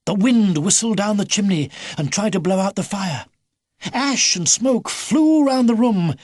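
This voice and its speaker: A man's voice: high-pitched, husky, no room sound, clean studio sound. A man narrating a children's audiobook, reading in a dramatic, storytelling manner. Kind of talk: scripted narration.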